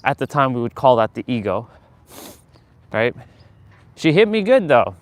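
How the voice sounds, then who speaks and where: A man's voice: mid-range voice, very animated, a little slow, no echo. A man hosting a casual motivational livestream outdoors, talking earnestly in a rambling way with many fillers and restarts. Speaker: live-stream host.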